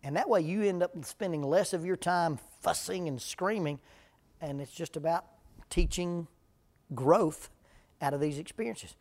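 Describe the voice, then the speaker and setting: A man's voice: a little high, unhurried. A middle-aged man, a preacher giving a folksy, joking talk on parenting to a live audience. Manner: humorous storytelling, deadpan jokes.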